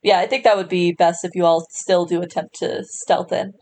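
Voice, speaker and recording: A woman running a tabletop game as game master, speaking in a relaxed way with fillers. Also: on the low side, moderate pace.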